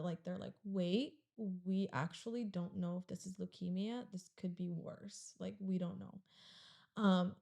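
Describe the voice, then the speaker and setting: Young woman, podcast guest; warm, gravelly voice, rambling emotional telling. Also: medium pitch. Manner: rambling, heavy use of "like". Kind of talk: emotional personal story.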